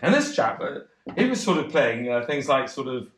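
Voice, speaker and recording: A man's voice: mid-range voice, very animated, normal speed, over loud music, close to an everyday voice. An actor playing a bashful, rambling cocktail pianist in a one-man stage monologue, hesitant and self-deprecating. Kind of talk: theatrical monologue. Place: theatre stage. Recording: roomy theatre.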